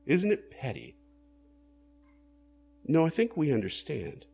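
Male pastor, sermon delivery, husky voice, lively swinging pitch, earnest questions. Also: slow. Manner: earnest, questioning, rising to emphatic bursts.

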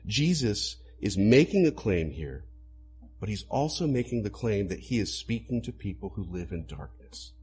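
A man preaching a sermon to a congregation, animated, acting out quoted lines as he explains. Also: fairly low pitch, normal speed. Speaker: pastor.

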